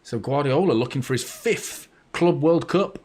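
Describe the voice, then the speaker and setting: A man hosting a live match watchalong, chatty and blunt, bursting into excited shouts when his team scores. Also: a little high, moderate pace. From north of England. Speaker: fan channel host.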